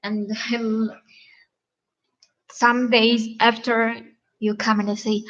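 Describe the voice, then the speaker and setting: A woman relationship coach giving earnest advice in a halting, repetitive vlog manner. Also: on the high side, level tone, fairly bright tone, muffled recording.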